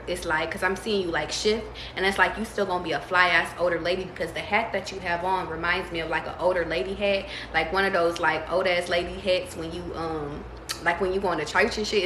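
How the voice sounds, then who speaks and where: A woman giving a casual tarot reading, slangy and profane, breaking into excited squeals. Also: on the low side, a little fast, reverberant, slight background noise, rough recording. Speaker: tarot reader.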